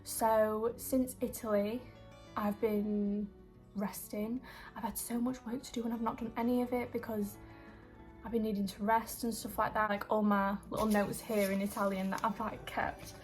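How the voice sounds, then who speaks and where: A woman's voice: medium pitch, little pitch movement, moderate pace, faint music behind. A young woman, vlogging in a rambling, emotional, casual way with lots of fillers. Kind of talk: casual chat.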